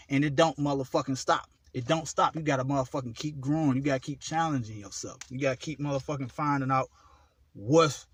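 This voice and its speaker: A man's voice: mid-range voice, slightly rough, no echo. Cursing, intense man preaching shadow work. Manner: heavy cursing, rhetorical questions, swings between loud and muttered. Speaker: occult vlogger. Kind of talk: profane self-help monologue.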